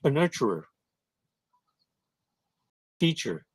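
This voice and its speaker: A man's voice: mid-range voice, big pitch swings, slow, breathy edge, no echo. A man hosting a casual monologue in a folksy, slangy manner, stretching words out for emphasis. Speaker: host.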